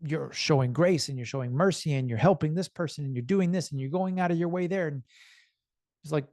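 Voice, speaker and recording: With a fairly high voice and a fairly quick pace, a man tells an earnest story to the camera in a casual self-improvement vlog. The dry, clean studio recording captures him animatedly acting out each character's quoted lines.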